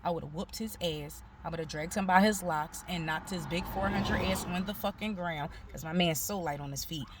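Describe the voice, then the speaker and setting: Profane, animated woman telling a story. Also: fairly low pitch, moderate pace, few pauses, background noise. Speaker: vlogger. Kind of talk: casual storytime vlog. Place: outdoors.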